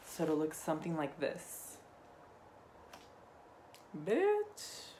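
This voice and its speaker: A man's voice: on the high side, moderate pace, slight background noise. A young man hosting a casual shopping haul vlog while tipsy, talking in a campy, profane and rambling way. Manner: rambling, offhand delivery. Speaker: haul vlogger.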